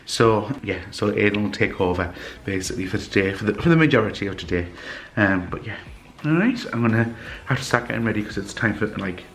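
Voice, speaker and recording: A young man, talking to the camera in a hurried, hesitant way while getting ready for work. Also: on the low side, expressive, slight background noise. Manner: hurried, hesitant, many fillers. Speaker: vlogger. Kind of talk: casual vlog chat.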